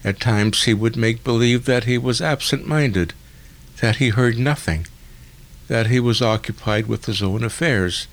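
A man narrating a literary story in a measured, deliberate way. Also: medium pitch. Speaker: audiobook narrator.

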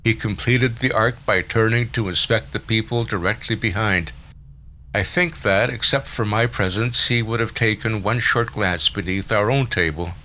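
Low bright-toned male audiobook narrator. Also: normal speed, a little hiss or hum, low-quality recording.

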